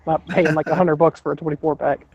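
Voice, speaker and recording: A man's voice: on the high side, level tone, fast, a little mellow, husky, no room sound. A man co-hosting a livestream, telling a rambling story in a laid-back way. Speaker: co-host. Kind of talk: casual chat. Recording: dull lo-fi call audio.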